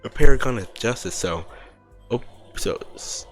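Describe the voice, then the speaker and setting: A man's voice: medium pitch, animated, unhurried, a bit bright, soft background music. A man casually reading a story aloud, making restarts and joking asides. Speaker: story reader.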